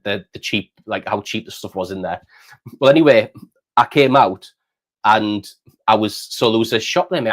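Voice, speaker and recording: A middle-aged man from the United Kingdom, hosting a casual chat and saying mate often. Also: lowish voice. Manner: chatty, says mate often. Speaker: host.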